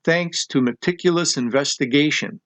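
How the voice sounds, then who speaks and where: A man narrating an outdoor wildlife documentary in a measured, informative way. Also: on the high side, a bit bright, rough recording. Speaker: show host and narrator. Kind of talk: scripted nature documentary narration.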